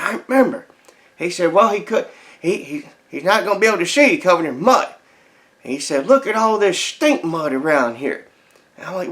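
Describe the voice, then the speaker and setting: An actor playing a dim-witted, boastful adult grandson who tells a rambling folksy tale with stammered restarts. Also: male voice, high-pitched, a bit bright, exaggerated voice. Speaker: comedy character telling a story to his grandmother. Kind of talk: comedic storytelling monologue.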